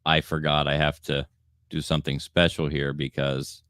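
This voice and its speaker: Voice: rumbling low, little pitch movement, moderate pace, fairly bright tone, dry recording. A podcast co-host in casual chat, laid-back while fiddling with the stream setup.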